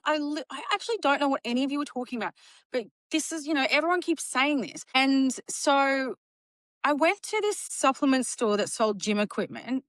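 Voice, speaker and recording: A woman in her late thirties or older, a guest telling her story in casual podcast chat, acting out quotes with a lively laugh. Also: on the high side, no echo. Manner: animated, acts out quotes, laughs often. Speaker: guest, bodybuilding champion.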